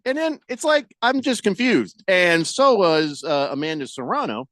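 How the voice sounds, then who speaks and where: A man with a high, lively voice hosts sports talk radio, and his pitch swings widely as he rants. He reads out listener texts and breaks into exasperated mock quotes. The sound is dry and close, with no room echo. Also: moderate pace.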